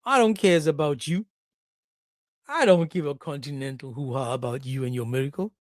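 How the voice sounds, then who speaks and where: A man's voice: a little high, moderate pace, no room sound, studio quality, close to an everyday voice. A man doing a blunt, dismissive judge. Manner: blunt, mocking.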